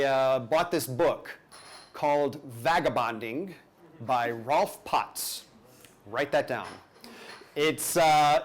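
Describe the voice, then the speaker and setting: Man telling a playful story live. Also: a little high. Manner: conversational, self-deprecating, playful asides.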